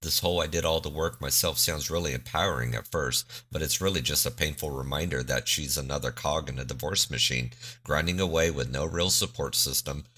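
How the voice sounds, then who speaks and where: A man's voice: rumbling low, pushed and bright. A man hosting a commentary show, giving blunt, preachy opinions and often saying "you know" and "I mean". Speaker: commentary channel host.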